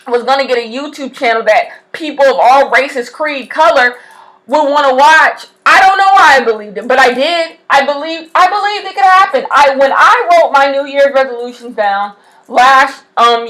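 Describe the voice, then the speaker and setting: A woman's voice: high-pitched, measured pace, poor audio. A woman hosting a casual podcast, giving an emphatic pep talk while doing her makeup, repeating points for effect. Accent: loud regional accent. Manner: animated, preachy, emphatic repetition. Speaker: podcast host.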